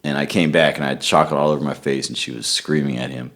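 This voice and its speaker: A man being interviewed, talking in a relaxed, rambling way and often restarting with repeated words. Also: rumbling low, fast talker. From United States. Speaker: guest musician. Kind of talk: casual interview chat.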